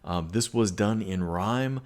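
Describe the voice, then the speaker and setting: A man's voice: on the low side, slow pace. A male English teacher giving a recorded lesson, explaining patiently and reading poems aloud, with frequent fillers.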